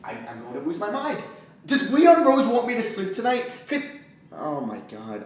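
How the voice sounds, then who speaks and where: Excitable man reacting live, echoey room. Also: sits high, normal speed. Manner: excitable, emotional, swears when upset. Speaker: streamer doing a live reaction.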